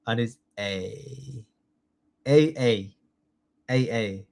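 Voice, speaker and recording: A man's voice: medium pitch, very slow, gravelly, pauses often, darkish tone. A man in his thirties, a tutor running a live online quiz lesson, chatty and jokey, reading out multiple-choice questions and praising students by name. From United Kingdom. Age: 30s. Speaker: citizenship test tutor.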